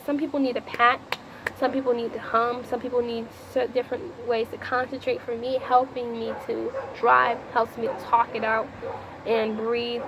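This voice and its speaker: A woman with a gravelly voice tells a personal story in a loose, rambling vlog. She repeats herself and breaks off to speak to the Lord. Clear background noise runs under the recording. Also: fairly high pitch. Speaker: vlogger.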